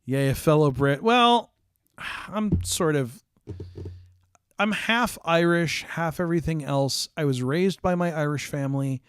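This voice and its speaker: A man's voice: a little high, measured pace, clean tone, dry recording, clean studio sound. An American man hosting a casual stream, chatting with viewers in a rambling way with frequent ums and restarts. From United States.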